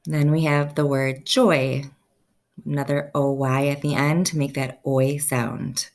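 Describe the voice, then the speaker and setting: A woman teaching a first-grade phonics lesson, slowly stretching out each sound so children can say the words with her. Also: a bass voice, level tone, a little mellow.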